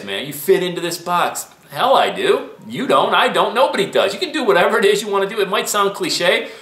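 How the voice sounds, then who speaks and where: Fired-up motivational man, roomy echo. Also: mid-range voice. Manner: fired-up, preachy, animated. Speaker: motivational vlogger. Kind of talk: motivational talk to camera. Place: small studio room.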